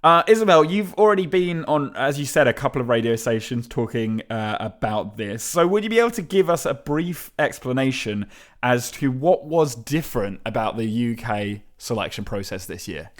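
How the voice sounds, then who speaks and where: A man co-hosting a relaxed podcast, speaking in a mid-pitched voice. He hesitates often with fillers and laughs along with his co-host. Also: moderate pace. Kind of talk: casual podcast chat.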